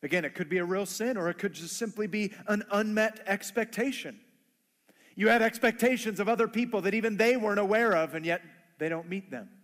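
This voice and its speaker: High-voiced male preacher in a hall. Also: brisk, a bit bright. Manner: acts out dialogue in funny voices. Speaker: pastor. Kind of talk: sermon.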